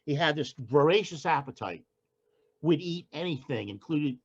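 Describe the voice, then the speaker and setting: Older man talking in a halting way, lo-fi sound. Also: a little high, animated, vocal fry, breathy edge. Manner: halting, with frequent restarts and fillers. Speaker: poet guest. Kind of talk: casual interview talk.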